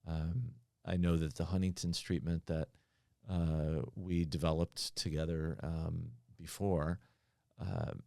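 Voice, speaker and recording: A man with a low voice speaks in a podcast interview, answering earnestly but haltingly, full of fillers and restarts. His voice is recorded dry and close, with no room sound. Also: flat delivery, creaky, mellow, no echo. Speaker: pharmaceutical executive.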